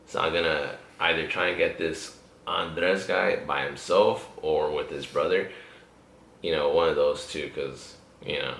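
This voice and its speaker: A man's voice: a bass voice, fairly even intonation, measured pace, vocal fry, a bit bright, slight background noise. A young man hosting a podcast, talking loosely with lots of swearing and laughter. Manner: laid-back, profane, frequently laughing. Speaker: podcast host. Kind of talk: casual chat. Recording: echoey room.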